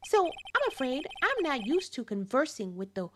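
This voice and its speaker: A man's voice: very high-pitched, wildly swooping pitch, normal speed, very noisy, full character voice. A woman reading as a pompous male CEO. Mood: haughty. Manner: pompous, condescending. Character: arrogant smug male corporate CEO.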